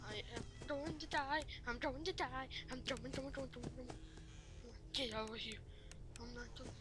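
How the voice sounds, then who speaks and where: A woman's voice: high-pitched, steady tone, normal speed, loud music behind the voice. A woman doing let's play commentary, jumpy and rambling, who keeps apologizing to viewers. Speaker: gamer.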